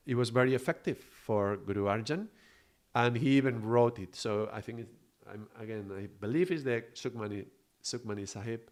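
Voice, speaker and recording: A man with a somewhat low voice leads a live yoga and meditation teaching. He explains at an easy, unhurried pace, pausing to hunt for the right word and asking "yeah?" to check that his listeners follow. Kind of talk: live spiritual teaching talk.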